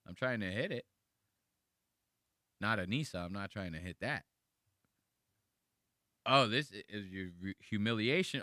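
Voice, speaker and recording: A man's voice: fairly low pitch, expressive, moderate pace, pushed and bright, dry recording, clean studio sound. A man from the United States giving casual, rambling reaction commentary to videos, slangy and profane.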